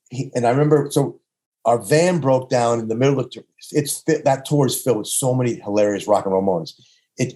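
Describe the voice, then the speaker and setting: A man's voice: medium pitch, mellow. A man with a New York accent telling rambling tour stories as a podcast guest, often restarting his sentences. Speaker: podcast guest, punk musician. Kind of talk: casual storytelling.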